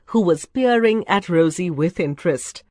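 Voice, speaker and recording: A woman narrating a storybook in a measured, expressive way. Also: on the low side, no room sound, clean studio sound. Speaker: reader.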